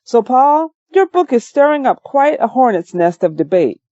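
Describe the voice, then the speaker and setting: A woman's voice: high-pitched, sing-song, normal speed, warm tone, no room sound, pitched above the performer's own voice. A woman voicing an upbeat male radio talk show host with a breezy announcer delivery, on a slightly dull recording.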